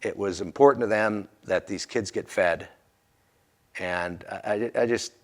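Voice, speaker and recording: A man's voice: on the low side, unhurried. A man earnestly recounting a personal anecdote from his charity volunteer work in a folksy, conversational way.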